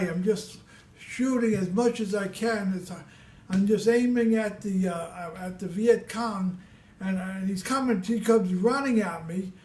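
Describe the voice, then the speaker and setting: An older man from Brooklyn, telling his war stories in a rambling, repetitive way. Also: high-pitched. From Brooklyn, New York. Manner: rambling and repetitive, with many restarts. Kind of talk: casual spoken storytelling. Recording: echoey room.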